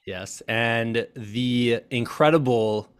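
A man's voice: medium pitch, slow pace, smooth. A young man hosting a casual podcast, joking around and laughing often. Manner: jokey, laughs often, playful bits. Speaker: podcast host.

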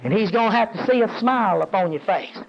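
A preacher with a very high voice, working a congregation with call-and-response and climbing to intense peaks. The recording sounds dull and lo-fi, with muffled highs. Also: male voice, animated, fast talker, gravelly. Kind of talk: sermon. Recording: dull lo-fi audio.

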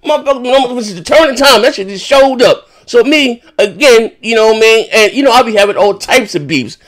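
A man hosting a podcast in casual chat, rambling and swearing as he retells a dispute with animated indignation. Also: very high voice, brisk. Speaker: podcast host.

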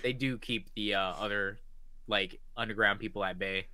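A man in casual chat about anime, animated and profane, laughing often. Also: lowish voice, normal speed, no room sound, studio quality.

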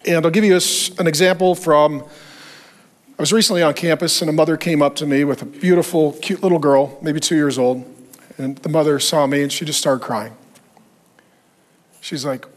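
A man's voice: on the high side, moderate pace, pauses often. A man preaching a sermon, telling stories with energy and acting out what people said. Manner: animated storytelling, acting out quoted voices. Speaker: pastor.

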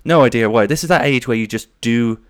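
A man's voice: medium pitch, a little fast, clear, resonant tone, dry recording, clean studio sound. A man in his thirties hosting a podcast solo, rambling through jokey anecdotes. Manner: rambling, jokey, slips into silly voices. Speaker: podcast host.

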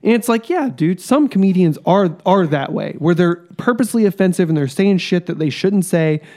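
A man's voice: high-pitched, animated, normal speed, a little mellow. Profane, ranting casual podcast man. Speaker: podcast co-host. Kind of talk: casual chat.

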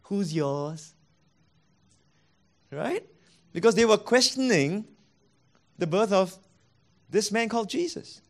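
A man's voice: high voice, lively intonation, measured pace, vocal fry, pauses often. A man preaching a sermon as a pastor, acting out both sides of the dialogues he retells.

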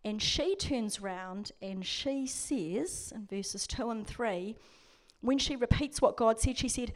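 A woman serving as a prison chaplain preaches a sermon with scripture reading, speaking in a conversational, storytelling way. Her voice is on the high side and unhurried.

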